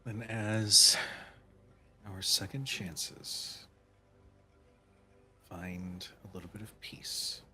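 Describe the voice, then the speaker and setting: A man running a tabletop game as game master, narrating the scene slowly and warmly. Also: low-pitched, fairly even intonation.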